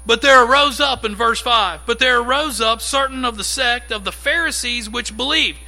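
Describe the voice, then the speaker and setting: Brief: male pastor, high and bright voice, lively conversational sermon delivery. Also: moderate pace, rough recording. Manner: conversational, animated preaching with acted-out quotes.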